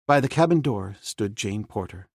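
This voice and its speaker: A man reading a novel aloud as an audiobook narrator, in a steady, measured way. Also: on the low side, no echo, studio quality.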